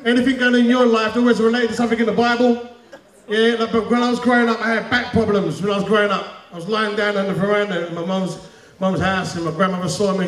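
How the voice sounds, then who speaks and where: London-accented male stand-up, high and loud, working a live crowd in a roomy hall, mic far off. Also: fairly even intonation, quick pace. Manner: loud, shouty, laughing banter with the crowd. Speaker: stand-up comedian. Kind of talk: live stand-up at an awards show. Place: large event hall.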